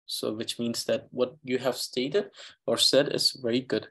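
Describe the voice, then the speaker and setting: A man with an Eastern Tibetan accent teaching a language class over a video call, pausing often with fillers as he thinks aloud. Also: medium pitch, steady tone, fairly bright tone, breathy edge. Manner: halting, many fillers, thinks aloud while explaining.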